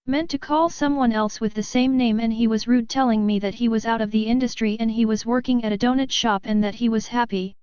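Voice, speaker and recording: A woman reading online stories aloud as the show's narrator, in an even, steady read-aloud delivery. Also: fairly high pitch, fairly quick, hardly any pauses, smooth, no room sound, lo-fi sound. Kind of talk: scripted story narration.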